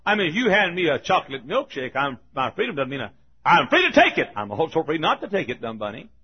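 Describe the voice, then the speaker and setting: A man's voice: on the high side, very animated, fast, breathy edge, dull audio. An older man in his seventies, preaching a folksy sermon full of stories, often chuckling.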